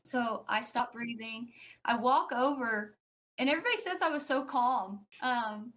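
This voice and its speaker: A woman, a podcast guest, tells a personal story in a conversational way, acting out what others said and pausing with fillers. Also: fairly high pitch. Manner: animated, acts out quoted speech; frequent fillers and restarts.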